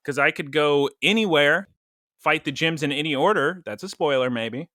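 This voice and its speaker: A man's voice: fairly high pitch, normal speed, pushed and bright, dry recording, clean studio sound. A man co-hosting a podcast, chatting casually and rambling, laughing now and then. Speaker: podcast co-host.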